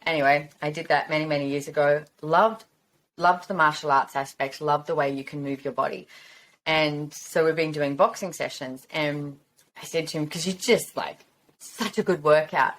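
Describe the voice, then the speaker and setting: Woman host, low voice, chatty and encouraging, casual rambling monologue. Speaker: podcast host.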